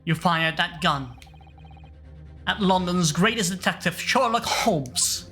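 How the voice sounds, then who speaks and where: A woman's voice: fairly low pitch, animated, slow pace, a bit bright, faint music behind. A woman voicing an earnest young male defense lawyer who asks probing, questioning lines.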